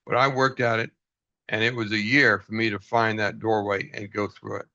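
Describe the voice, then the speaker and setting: A man's voice: fairly low pitch, level tone, moderate pace, vocal fry, pushed and bright, dry recording. Man group leader on a video call, earnest, laughs often, dull dry sound. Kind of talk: casual group talk.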